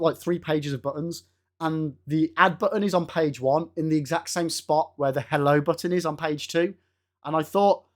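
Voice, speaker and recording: A game streamer chatting casually with live viewers, laughing often and swearing now and then. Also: medium pitch.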